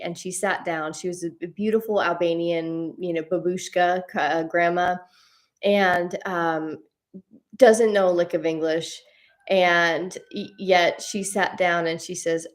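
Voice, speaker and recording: A woman's voice: on the low side, fairly even intonation, unhurried. A woman hosting a spiritual series, telling a personal story casually, rambling with frequent restarts and laughs. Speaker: host of a spiritual journey series.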